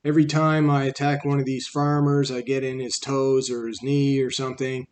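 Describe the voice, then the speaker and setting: A man's voice: mid-range voice, flat delivery, normal speed, a little mellow, lightly acted. A man voicing a grumbling female gout plague. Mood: complaining. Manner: complaining, rambling.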